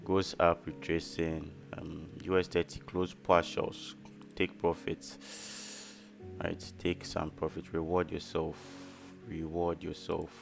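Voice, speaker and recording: A man's voice: deep voice, completely flat delivery, slow pace, vocal fry, music in the background. A man hosting a casual trading live stream, chatty and repeating key phrases for emphasis. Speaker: trading livestream host.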